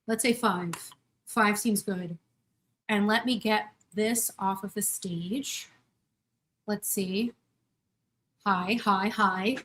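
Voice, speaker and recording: A woman's voice: medium pitch, steady tone, takes it slowly, long pauses, fairly bright tone, a little hiss or hum. A woman in her thirties hosting a casual live stream from her home kitchen, baking and chatting effusively with viewers. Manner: bubbly and effusive, greets viewers by name. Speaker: channel host.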